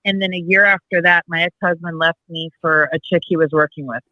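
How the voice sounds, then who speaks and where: A woman's voice: on the low side, steady tone, brisk, no room sound, lo-fi sound. A woman co-hosting a podcast, telling a family story casually and restarting her sentences often. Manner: rambling, with frequent restarts and self-corrections. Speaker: podcast co-host.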